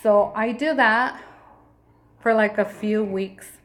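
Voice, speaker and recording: A woman's voice: medium pitch, slow pace. A woman in her thirties, a mother, telling a personal story in a casual, emotional way, often acting out what people said. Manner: emotional, animated retelling with quoted dialogue. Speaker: mother and vlogger.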